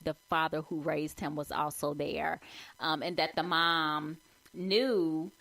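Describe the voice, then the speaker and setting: Lower-voiced woman in animated chat. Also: slow pace, gravelly. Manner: animated, conversational, swings high when emphatic. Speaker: podcast co-host. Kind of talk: casual chat.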